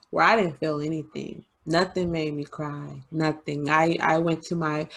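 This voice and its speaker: A woman hosting a casual podcast chat, confiding and chatty, often laughing and adding quick asides. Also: low-pitched. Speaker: podcast host.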